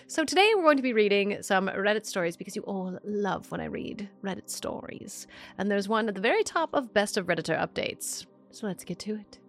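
A woman hosts a casual podcast, reading online stories aloud and often stopping to react. Her voice has a noticeable creaky fry. She keeps her commentary quick and chatty throughout. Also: medium pitch, animated, fairly bright tone. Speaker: podcast host.

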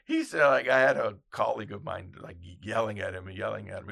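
A man who photographs red carpets, telling anecdotes in casual chat and acting out quotes in loud, high voices. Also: animated, a little fast, vocal fry, dry recording, clean studio sound.

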